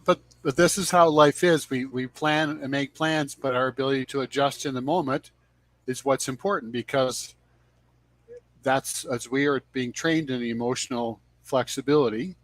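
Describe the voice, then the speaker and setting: A middle-aged man speaking as a guest coach on a video call, measured and earnest, restarting words now and then. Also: mid-range voice, steady tone, no room sound. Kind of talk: interview answers.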